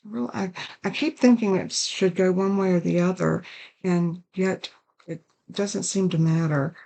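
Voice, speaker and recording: Middle-aged woman, lower register, under the weather with a cough, chatty, apologetic craft tutorial host. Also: fairly even intonation, unhurried, creaky, dark tone, rough recording. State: coughing and sneezing. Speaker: card-making crafter.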